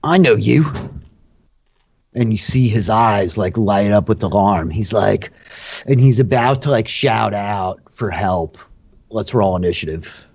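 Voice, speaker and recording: A man's voice: fairly low pitch, unhurried, darkish tone, husky, lo-fi sound. A man narrating a tabletop game as dungeon master, talking loosely with lots of "like" and fillers.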